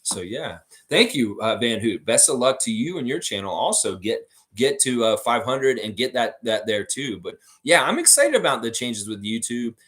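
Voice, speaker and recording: Animated, profane man. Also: mid-range voice, moderate pace, hardly any pauses. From Canada. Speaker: host of a basketball fan livestream. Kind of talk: casual live-stream chat reading comments.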